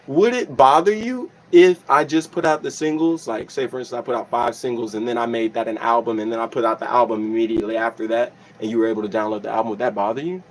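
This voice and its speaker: A young man hosting a casual livestream as a musician, reading comments aloud and thanking his viewers warmly, often restarting his sentences. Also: mid-range voice, fairly even intonation, quick pace, few pauses, slight background noise, poor audio. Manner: reads chat aloud, grateful and emotional, many restarts.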